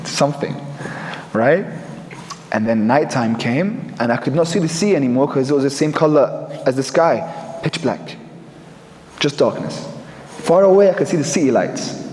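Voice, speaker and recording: A man's voice: medium pitch, a little mellow, slight background noise. Man telling a story in an echoey hall. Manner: reflective, earnest, with measured pauses. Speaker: speaker telling a personal story. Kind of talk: first-person storytelling talk. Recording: echoey hall with faint ambience.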